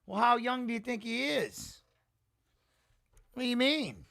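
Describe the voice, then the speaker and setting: A man hosting a live watch-along stream, chatting casually, reacting with excitement and answering viewers in the chat. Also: very high-pitched, measured pace, vocal fry.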